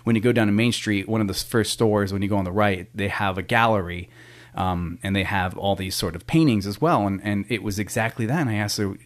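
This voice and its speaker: Rambling man with a slightly low voice. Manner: rambling, with many restarts and casual swearing. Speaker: foster parent vlogger. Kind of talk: casual storytelling monologue.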